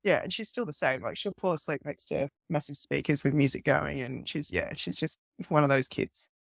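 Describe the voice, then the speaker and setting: A woman's voice: sits low, moderate pace, vocal fry, no echo, studio quality. A woman, a guest police detective, telling a story in casual talk and acting out the voices of the people in it. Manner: animated retelling, acting out quoted voices with laughs.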